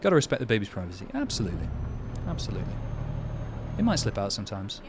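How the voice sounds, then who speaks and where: A man's voice: lowish voice, very animated, rapid-fire, noisy background. A man chatting casually with his live-stream viewers while playing a truck game, joking about himself and answering their messages. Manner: chatty, self-deprecating, reads out and answers chat.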